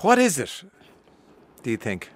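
Lively male radio host. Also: mid-range voice, measured pace, no room sound. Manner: lively and teasing, stumbles over words. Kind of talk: casual radio interview.

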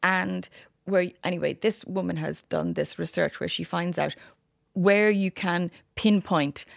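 A woman, a guest in a radio interview, chatty and animated with quick asides. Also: on the low side, creaky, no room sound, clean studio sound. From Ireland. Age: 50s.

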